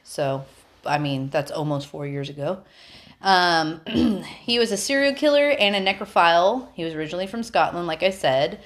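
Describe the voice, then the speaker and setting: This is a woman running a casual podcast after a bit of wine. Her voice sits a touch low, and she rambles loosely through the story. She laughs easily and swears often. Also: expressive, normal speed. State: a little tipsy from wine. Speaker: podcast host. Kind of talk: casual chat.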